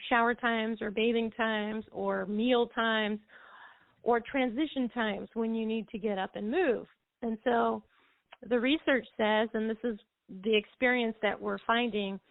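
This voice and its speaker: A woman's voice: a little high, no echo. Woman music therapist on a phone line. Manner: warm, flowing explanations with fillers. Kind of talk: explanatory call-in show talk.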